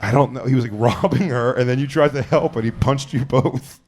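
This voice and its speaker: A man's voice: medium pitch, brisk. A man hosting a podcast who asks questions and makes emphatic, profane points. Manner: emphatic, swearing, laughing, questioning. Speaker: podcast host. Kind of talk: casual chat.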